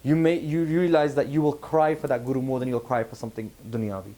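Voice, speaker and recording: A man's voice: mid-range voice, steady tone, quick pace, mellow. A man giving a conversational religious talk to a camp audience, often asking them questions. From United Kingdom. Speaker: visiting religious speaker. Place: camp hall with a live audience.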